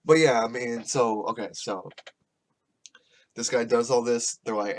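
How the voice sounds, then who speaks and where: A man's voice: mid-range voice, fairly even intonation, measured pace, pauses often. A man hosting a podcast, ranting casually in a profane, rambling, sarcastic way. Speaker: podcast host. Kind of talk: casual rant.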